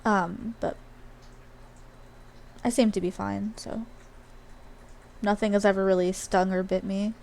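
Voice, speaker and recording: A woman's voice: medium pitch, level tone, slow, creaky, pauses often, darkish tone, slight background noise. A woman from Australia who streams games live, talking in a casual, rambling way with many fillers and asides. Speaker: game streamer. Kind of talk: casual live-stream chat while gaming.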